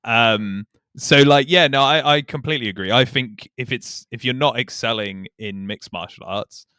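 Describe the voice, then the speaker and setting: A man's voice: medium pitch, moderate pace, pushed and bright, clean tone, no echo, studio quality. A man co-hosting a podcast, talking in a rambling, sweary casual chat. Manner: rambling, swears, restarts, laughs easily. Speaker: podcast co-host.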